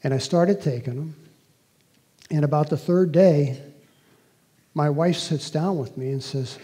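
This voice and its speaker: Mellow-voiced man telling a personal story. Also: fairly high pitch. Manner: earnest, halting, with many fillers and restarts. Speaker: lecturer recounting a personal experience. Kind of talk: conversational storytelling talk.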